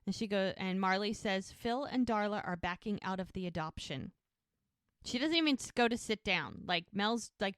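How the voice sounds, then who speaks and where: A woman co-hosting a podcast, recapping a TV episode in a casual, animated way and acting out the characters' lines as she goes. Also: medium pitch, clear, resonant tone, no echo, studio quality. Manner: animated retelling with quoted dialogue. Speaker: podcast co-host.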